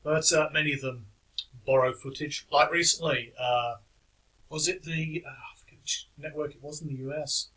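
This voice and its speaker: A man's voice: a little high, steady tone, moderate pace, pushed and bright, poor audio. A man giving casual reaction commentary on videos in a dry, wry, skeptical manner, with the odd chuckle.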